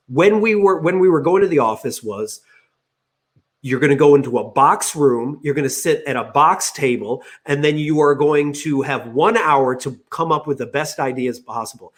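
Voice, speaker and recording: Animated man talking about play. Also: fairly high pitch. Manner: animated, acts out people's voices, many fillers like "you know". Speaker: guest speaker on play at work. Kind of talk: energetic conversational interview answers.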